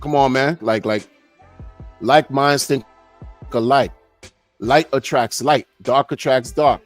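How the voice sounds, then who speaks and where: Speaking slowly in a mid-range voice, a middle-aged man hosts a live podcast and wanders through casual, loose talk. He keeps dropping in "man" and "you know," and soft music plays behind him.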